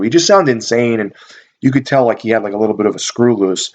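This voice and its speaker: A man's voice: mid-range voice, brisk, darkish tone. A man hosting a casual storytelling vlog, rambling and swearing in an offhand way. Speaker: channel host. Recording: dull lo-fi recording.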